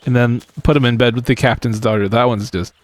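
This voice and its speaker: Live-streaming a game, this man chats in a rambling, self-deprecating way and chuckles often. His mid-range voice holds a steady tone, moving a little fast, with no room sound at all.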